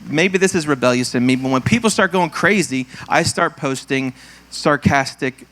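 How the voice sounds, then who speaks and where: A male pastor leads prayer and announcements at a church service, playful and quick to laugh at his own jokes, acting out puns in silly voices. His voice is on the high side with a fairly bright tone.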